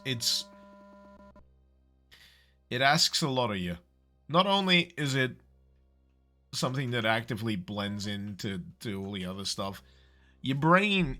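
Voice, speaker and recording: Young Scouse-tinged male streamer, mid-pitched, rambling, sweary, wry gameplay chatter. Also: sharp tone. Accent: Liverpool (Scouse), softened. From Liverpool, England. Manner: rambling, stammering repeats, frequent swearing, wry. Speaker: livestreamer. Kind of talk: casual gameplay commentary.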